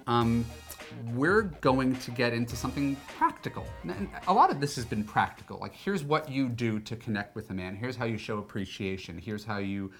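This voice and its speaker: A man's voice: medium pitch, gravelly, fairly bright tone. A man hosting a dating podcast, who sounds upbeat and enthusiastic as he introduces his guest and the segments. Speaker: podcast host, dating coach. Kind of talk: podcast interview and show intro.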